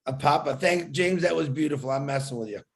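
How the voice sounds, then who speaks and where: A man's voice: a little high, fast. A man hosting a group video call, who is jokey and teasing. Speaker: host.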